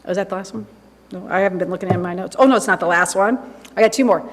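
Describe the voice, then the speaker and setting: A woman's voice: mid-range voice, racing. Chatty woman minister in echoing church. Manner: chatty, animated, laughs and asides to herself. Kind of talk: informal sermon. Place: church sanctuary. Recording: long reverb of a church hall.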